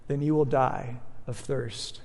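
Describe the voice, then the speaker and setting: A man voicing a deep, solemn male lion who speaks calmly and without hurry, in a long reverb. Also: vocal fry. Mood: grave. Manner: low, slow, grave storytelling voice.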